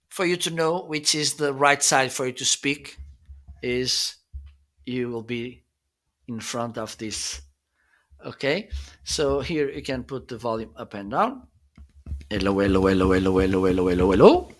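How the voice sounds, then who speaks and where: The same kind of unhurried desk stream: a man demos products casually while checking desk microphones by counting and greeting. His mid-range voice comes across bright and forceful.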